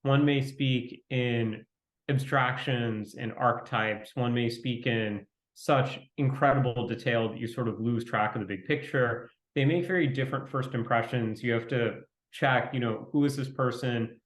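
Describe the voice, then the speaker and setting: Guy talking fast and kinda monotone, thinking out loud, echoey room. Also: mid-range voice. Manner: quick, fairly monotone, reflective. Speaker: venture capitalist guest. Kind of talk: conversational interview. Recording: roomy echo.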